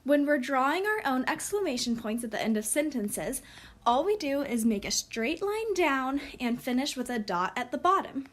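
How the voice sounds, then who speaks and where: A woman teaching a recorded lesson, speaking slowly and clearly for young children. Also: sits high, very animated.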